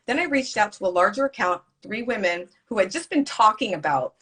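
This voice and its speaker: A woman guest in a casual conversation, telling her story in an animated way and swearing freely. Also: medium pitch, fairly quick, slight background noise.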